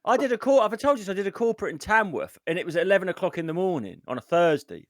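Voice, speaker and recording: A man's voice: sits high, big pitch swings, very fast, no echo, studio quality. A man, a comedian co-hosting a podcast, telling crude rambling anecdotes with plenty of swearing. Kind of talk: crude casual storytelling.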